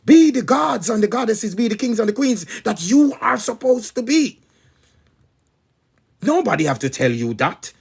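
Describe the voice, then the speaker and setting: A man's voice: extremely high pitch, very animated, moderate pace, creaky, breathy edge. A man with a Jamaican accent, preaching as a spiritual teacher in an emphatic, repetitive patois-laced monologue.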